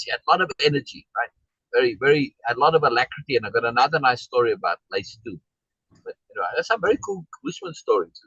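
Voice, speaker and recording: A man's voice: mid-range voice, fairly bright tone, husky, no room sound, muffled recording. A man leading a group discussion, telling a personal story in a casual, rambling way, with many restarts and a habit of asking "right?". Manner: acts out quoted exchanges in a raised voice.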